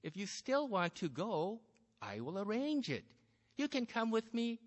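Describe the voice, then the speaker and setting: Guy putting on a bossy chatty mom voice, high and sing-song, reverby read. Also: huge pitch swings, exaggerated voice. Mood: coaxing. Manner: brisk, insistent, overbearing cheer. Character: pushy, chattering Chinese mother, middle-aged woman.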